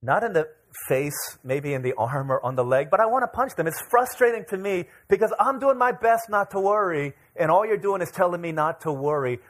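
A man's voice: a little high, normal speed, few pauses. A man in his forties, a pastor, telling a story during a sermon with light humor and frequent fillers. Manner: storytelling, self-deprecating humor, many filler words.

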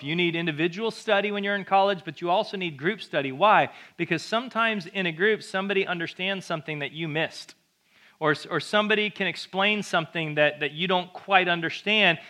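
A man preaching a sermon as pastor, in an energetic, conversational way with jokes. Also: high voice.

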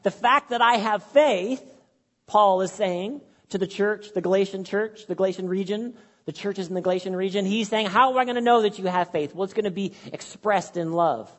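A man with a high voice preaches to his congregation in an earnest, conversational way, leaning on repetition to drive points home. The sound carries a long hall reverb from the church sanctuary. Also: normal speed. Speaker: pastor. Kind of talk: sermon.

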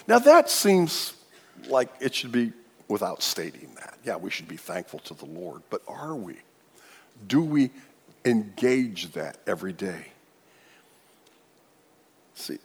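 Husky-voiced pastor preaching in a reverberant church. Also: male voice, medium pitch. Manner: animated, joking preaching. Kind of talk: sermon. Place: church sanctuary. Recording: long church-hall reverb.

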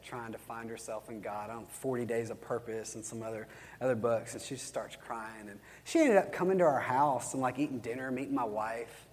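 Man teaching in a reverberant hall. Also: medium pitch. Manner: conversational storytelling, acts out Bible quotes. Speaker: church teacher on evangelism. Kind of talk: teaching a class from worksheet notes.

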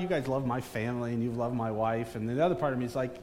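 Joking preacher in a big echoey hall. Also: male voice, mid-range voice, fast talker. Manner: joking, energetic, teasing the crowd. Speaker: guest pastor. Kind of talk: live church sermon with banter. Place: large church hall with congregation. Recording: distant reverberant hall, faint room noise.

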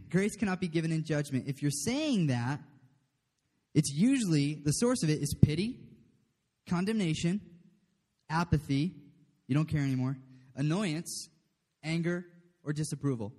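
A man's voice: fairly high pitch, expressive, measured pace, long pauses, mellow. A man preaching a casual, chatty sermon, often checking in with the room. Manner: chatty, asks the room "okay?", laughs often. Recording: long hall reverb.

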